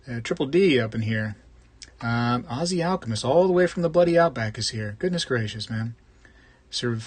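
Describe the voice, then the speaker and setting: A man hosts a live stream in a loose, chatty way, reading out viewer comments and joking with them by name. His voice sits at an ordinary middle pitch. He rambles and drifts easily from one topic to the next. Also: a bit bright. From Florida. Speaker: host of a live coin collecting stream.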